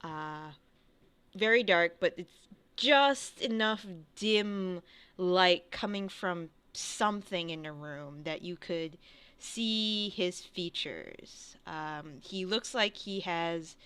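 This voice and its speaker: A woman narrating a tabletop game as game master, slow and hesitant with many fillers. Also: lowish voice, fairly bright tone, clear, resonant tone, dry recording.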